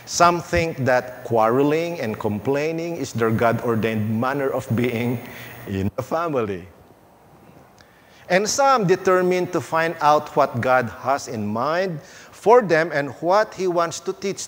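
A male pastor preaching a sermon in a church, unhurried, with playful asides and emphatic pauses. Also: mid-range voice, animated, a little hiss or hum. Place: church sanctuary.

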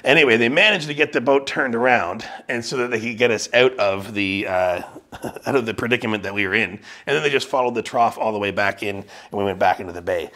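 A man's voice: on the low side, a little fast, sharp tone. A man preaching a sermon in a casual, conversational way, telling a personal story with frequent fillers and restarts. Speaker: pastor. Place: church service streamed online.

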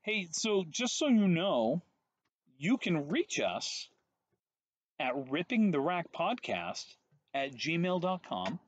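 On a dull, lo-fi recording, a forties-aged podcast co-host chats casually from an outdoor deck, wry and teasing. He speaks slowly in a voice on the high side, with big swings in pitch.

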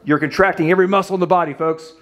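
A man's voice: high voice, steady tone, rapid-fire, fairly bright tone. Playful male fitness coach. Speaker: fitness instructor. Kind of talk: coaching an exercise demo.

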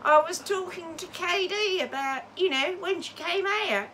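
Woman, casual storytelling, teasing, unhurried, high-pitched. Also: fairly bright tone, a little hiss or hum. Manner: playful, teasing, laughs through the story.

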